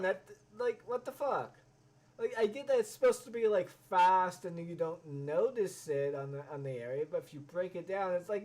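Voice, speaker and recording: Profane ranting man, highish voice. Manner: ranting, profane, stammering restarts. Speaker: reaction streamer. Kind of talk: live reaction commentary.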